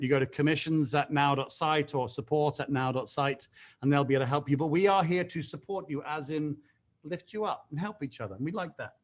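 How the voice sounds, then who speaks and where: Man, middle-aged, host of a team video call, enthusiastic, joking, somewhat high voice, lots of fillers. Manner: chatty, upbeat, self-mocking jokes, frequent fillers. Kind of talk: energetic video call pep talk.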